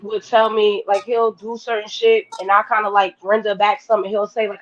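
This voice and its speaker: A woman's voice: mid-range voice, flat delivery, brisk. A woman on a podcast panel, talking bluntly and emphatically in casual discussion. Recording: dull lo-fi podcast audio.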